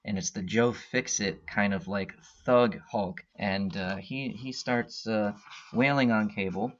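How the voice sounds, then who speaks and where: A man's voice: lowish voice, unhurried. A man hosting a casual comic book recap, retelling the story in a rambling way with many fillers. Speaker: comic book podcast host. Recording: dull lo-fi recording.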